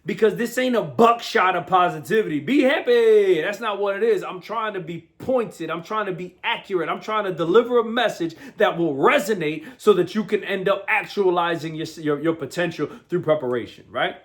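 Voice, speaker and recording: A man with a fairly high voice gives a motivational talk as host. He speaks with energy and street slang, and he often stops to repeat words or check in with "right?". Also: moderate pace, few pauses, a bit bright.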